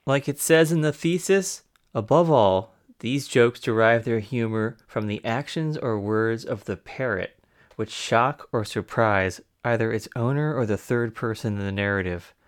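A man hosting a radio program, introducing a guest and reading passages in a measured way. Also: medium pitch, clean tone. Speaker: radio host. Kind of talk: radio interview and narration.

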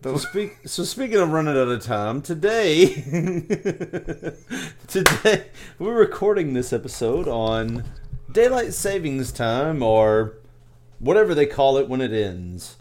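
A man co-hosting a casual podcast, joking and quick to laugh. His voice sits a little high and swings widely in pitch. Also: sing-song, darkish tone, slight background noise. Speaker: podcast co-host. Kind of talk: casual chat.

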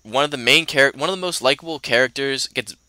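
A man's voice: mid-range voice, quick pace, pushed and bright, dry recording. A young man co-hosting a podcast, chatting casually about a film, rambling with many restarts and fillers. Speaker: podcast co-host.

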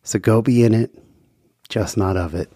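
A man's voice: lowish voice, moderate pace, dark tone. A man hosting a podcast, telling a personal faith story in an earnest, heartfelt way. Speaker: podcast host.

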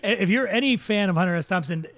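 A man hosting a podcast, telling stories in casual, animated chat. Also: sits high, fast talker. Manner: storytelling, animated asides. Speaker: podcast host.

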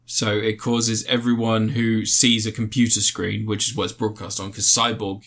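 A man's voice: lowish voice, little pitch movement, normal speed, a bit bright. A man co-hosting a casual chat, rambling and slangy as he reviews comics. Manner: rambling, swears freely, slangy. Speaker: podcast co-host reviewing comics.

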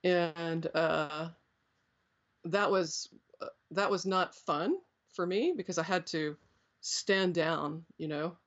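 A woman's voice: lowish voice, slow. A middle-aged woman reflecting on her past as an interview guest, rambling with many fillers and restarts. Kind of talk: reflective storytelling. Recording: dull lo-fi sound.

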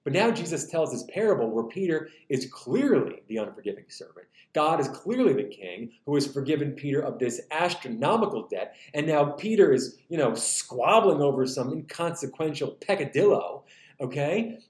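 Animated man preaching in a roomy space. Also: on the high side, moderate pace. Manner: animated, humorous, conversational preaching. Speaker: pastor. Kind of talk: sermon. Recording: roomy echo.

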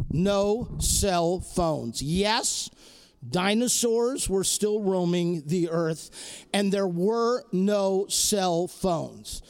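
A man's voice: sits high, smooth. A man giving an inspirational talk to a live audience, telling a personal story with emphatic repetition. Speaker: speaker addressing an audience.

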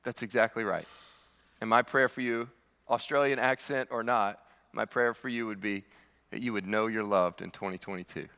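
A man's voice: on the low side, fairly even intonation, moderate pace, vocal fry, pushed and bright, clean tone. A man preaching a sermon as pastor, mixing teaching with storytelling and stammered restarts. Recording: long hall reverb.

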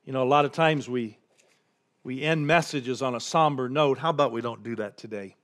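A man preacher giving a reflective sermon, often dropping to a quiet hush and telling a joke story with building intensity. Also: medium pitch, a little fast. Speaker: pastor.

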